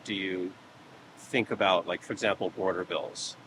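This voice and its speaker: A man hosting a podcast, asking calm, probing questions and often agreeing briefly. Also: low voice, moderate pace. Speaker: podcast host. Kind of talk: conversational questioning. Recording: background noise.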